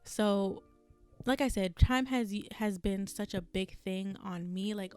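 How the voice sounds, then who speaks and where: A woman's voice: mid-range voice, fairly even intonation, measured pace, a little mellow, smooth, soft background music. A young woman hosting a solo podcast, venting in a candid, rambling way, swearing freely and laughing at herself, her voice strained from a long day of recording. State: strained, burning vocal cords. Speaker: podcast host.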